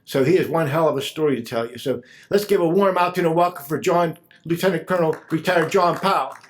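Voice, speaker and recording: A man emceeing a fundraiser, making loud, salesman-like announcements and introducing the next speaker. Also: fairly high pitch, fast, slight background noise. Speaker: event emcee.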